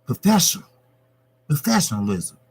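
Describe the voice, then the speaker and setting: Man, boxing stream host, casual profane rant, slightly high voice, repeats himself. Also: normal speed, gravelly, breathy edge. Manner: profane, repetitive, animated.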